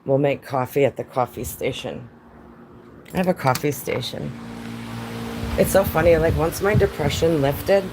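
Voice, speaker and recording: A man's voice: a little high, moderate pace, vocal fry, pauses often, background noise. Rambling man chatting on a livestream. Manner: rambling, chatty, answers viewer comments. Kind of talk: casual livestream chat. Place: home.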